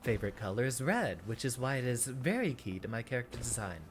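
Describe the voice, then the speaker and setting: A man's voice: mid-range voice, sing-song, fast talker, noisy background. A man streaming a video game, chatting with viewers in a playful, theatrical way. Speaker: VTuber streamer. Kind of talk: casual gameplay commentary. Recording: game music behind.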